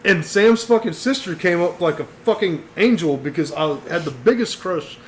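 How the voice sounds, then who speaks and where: A man's voice: high-pitched, expressive, normal speed, slight background noise. A man telling a long story on a casual podcast, swearing constantly and saying "dude" and "bro" a lot. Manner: profane, rambling, says "dude" and "bro" a lot. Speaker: podcast co-host.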